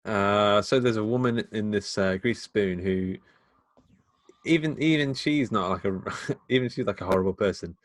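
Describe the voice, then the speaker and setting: A man's voice: on the low side, normal speed, dry recording. Laughing man with a Midlands accent. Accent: English Midlands. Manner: chatty, laughs often, rambling. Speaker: podcast co-host. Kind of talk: casual film chat.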